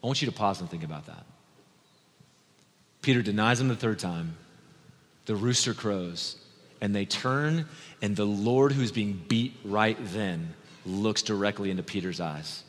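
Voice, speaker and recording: A man preaching a sermon as pastor, talking in a conversational way that moves between quick asides and slow, quiet emphasis. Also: on the low side. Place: church sanctuary. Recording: long hall reverb from a church.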